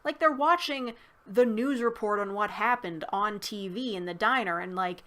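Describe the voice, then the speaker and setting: Speaking at a normal speed in a bright, forceful, mid-range voice, a woman reviews and recaps a movie. She wanders from point to point, cursing freely and filling gaps with "like."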